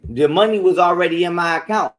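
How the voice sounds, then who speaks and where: A man with a slightly high voice ranting on a livestream. He is profane and defensive, and he circles back over the same points again and again. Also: brisk.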